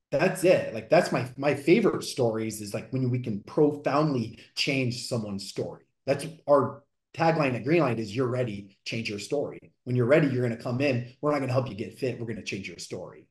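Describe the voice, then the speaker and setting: A man's voice: medium pitch, a little fast, echoey room. A man around forty, a fitness coach telling client stories earnestly in a podcast interview. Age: 40s. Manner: energetic, earnest storytelling.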